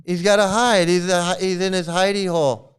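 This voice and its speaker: A man's voice: sits high, little pitch movement, moderate pace, clear, resonant tone. Mocking man ranting on his channel. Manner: mocking, repetitive, profane. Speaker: commentary channel host. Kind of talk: ranting commentary.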